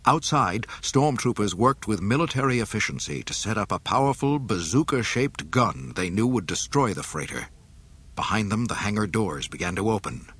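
A man reading a storybook aloud in a dramatic, expressive way. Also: on the low side, moderate pace, breathy edge. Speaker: narrator. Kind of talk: storybook narration.

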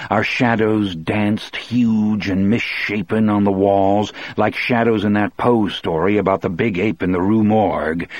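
Low, husky male audiobook narrator. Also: no echo. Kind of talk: first-person audiobook narration.

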